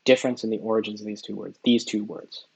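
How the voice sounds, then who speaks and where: A man working through practice test questions out loud, half-reading and mumbling his reasoning as he goes. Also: fairly low pitch, level tone, quick pace, vocal fry, breathy edge, rough recording. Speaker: test-taker and tutor. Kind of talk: think-aloud practice test, muttering while reading.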